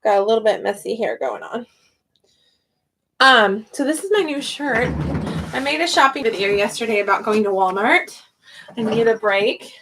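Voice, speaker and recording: High-voiced chatty woman vlogger. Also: normal speed, pauses often, a bit bright. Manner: chatty, laughs often, thinks aloud. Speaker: online English teacher and vlogger. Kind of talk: casual livestream chat.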